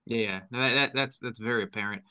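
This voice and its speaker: A man's voice: mid-range voice, quick pace, pushed and bright, clean tone, dry recording. A man playing a tabletop game, asking hesitant questions about his scene. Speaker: player.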